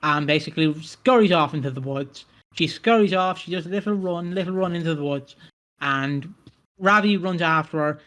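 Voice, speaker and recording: On a podcast he co-hosts, a man recaps things casually and rambles, often correcting himself and laughing. His voice is a bit bright and slightly high, at a normal speed.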